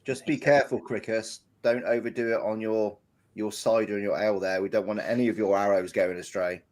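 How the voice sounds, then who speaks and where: A man's voice: fairly low pitch, fairly even intonation, brisk, a little mellow. A man playing a tabletop game, dry and teasing toward the others. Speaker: player.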